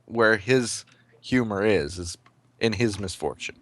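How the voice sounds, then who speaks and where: A man's voice: on the low side, unhurried, fairly bright tone. A young man, a guest on a game chat, bantering and joking playfully. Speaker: guest co-host. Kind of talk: casual chat while playing a game.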